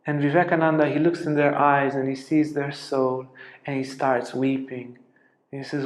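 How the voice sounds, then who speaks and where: A man gives a spiritual lecture in a roomy, echoey room, his pitch sitting in the middle of the male range. He tells his stories with earnest feeling and sinks to a soft hush at the tender parts. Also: level tone, moderate pace. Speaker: spiritual teacher.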